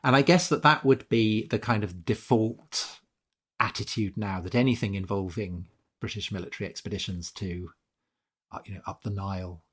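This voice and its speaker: A man's voice: on the low side, normal speed, breathy edge. A man co-hosting a history podcast, talking casually with many hesitations, fillers and restarts. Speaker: podcast co-host. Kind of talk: casual conversational history chat.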